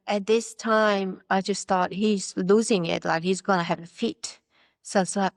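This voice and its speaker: A woman's voice: medium pitch, fairly even intonation, normal speed, dry recording. A woman from Poland telling her life story as an interview guest, candid and wry, acting out the voices she quotes and laughing often. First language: Polish.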